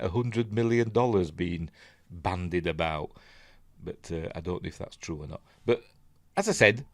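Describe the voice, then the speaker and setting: A man's voice: on the low side, no room sound, studio quality. A man with a Yorkshire accent giving casual news commentary, chatty and rambling, with lots of tag questions. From Yorkshire, England. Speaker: news vlogger.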